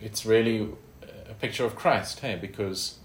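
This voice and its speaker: A man's voice: on the low side, moderate pace, echoey room. A man teaching a Bible study in a conversational way, with fillers and tag questions.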